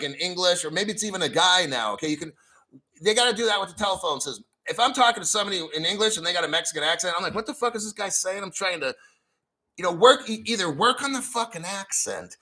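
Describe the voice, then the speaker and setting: A man's voice: high voice, bright, forceful tone, poor audio. A middle-aged man hosting a livestream, ranting in a foul-mouthed, combative and rambling way. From United States. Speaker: crypto livestream host. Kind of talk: profane ranting livestream talk.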